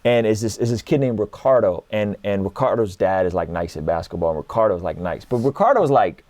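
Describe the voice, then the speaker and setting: A man in his thirties, a guest in a casual conversation, telling stories in an animated way and acting out what others said. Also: on the low side, fairly quick, no echo. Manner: animated storyteller, acts out quotes.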